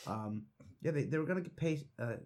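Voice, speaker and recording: A man's voice: on the high side, lively intonation, moderate pace, a little mellow. A man co-hosting a casual podcast chat, laughing often and talking loosely with restarts. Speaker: podcast co-host.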